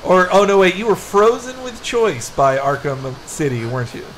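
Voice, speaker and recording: A man's voice: high voice, normal speed, a little hiss or hum, rough recording. A man co-hosting a live reaction chat, joking and swearing as he reacts. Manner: excitable, joking, swears freely. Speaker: podcast co-host.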